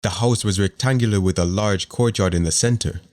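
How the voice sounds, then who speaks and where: In a very low voice, a male narrator reads from a fantasy audiobook. He stays measured and steady throughout, much like scripted narration.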